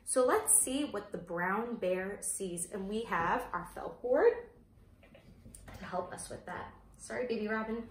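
A woman teacher reading a picture book aloud to young children in a slow, sing-song storytime voice, stopping to ask them questions. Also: fairly high pitch, a bit bright, roomy sound, slight background noise. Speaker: preschool teacher.

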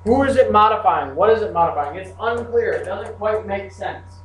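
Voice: mid-range voice, animated, normal speed. A teacher giving a grammar lesson to a class, with playful, joking asides. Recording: echoey classroom from far off, faint hum.

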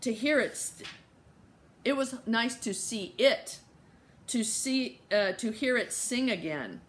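A woman voicing a shy older man who speaks very softly and hesitantly in an audiobook. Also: on the high side, lively intonation, slow pace. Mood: timid. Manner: very soft, hesitant, faint.

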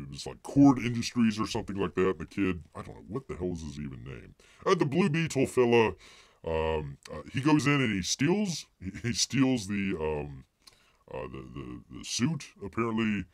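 This livestream host reviews comics in a low voice with noticeable vocal fry, rambling casually, dropping in many fillers and speaking about himself in the third person. The sound is clean and studio-like, with no echo.

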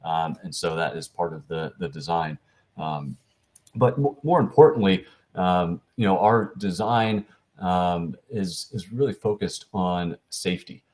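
A man's voice: sits low, measured pace, darkish tone. A man presenting on a conference panel, easygoing with frequent fillers. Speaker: panelist presenting for a delivery robotics company.

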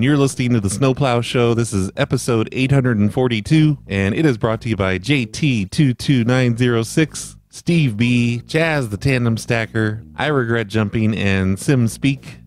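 Deadpan man hosting a prank-call podcast. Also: mid-range voice. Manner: deadpan and sarcastic. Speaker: podcast host and prank caller. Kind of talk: casual podcast monologue.

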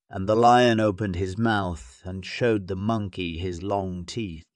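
Low-voiced guy reading a kids story slow and careful, dry close sound. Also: steady tone, no echo. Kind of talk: scripted narration of a graded reader.

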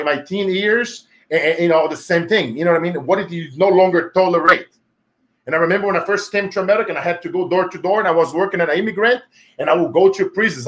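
A man from Brazil with a Brazilian Portuguese accent, hosting his own show and telling a motivational story with emphatic energy and frequent laughs. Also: on the high side. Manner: animated, laughing often, emphatic. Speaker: show host.

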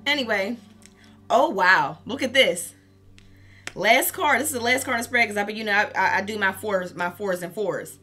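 A woman's voice: medium pitch, lively intonation, moderate pace, pushed and bright, soft background music. A woman giving a casual tarot reading, candid and profane, laughing often as she talks. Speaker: tarot reader.

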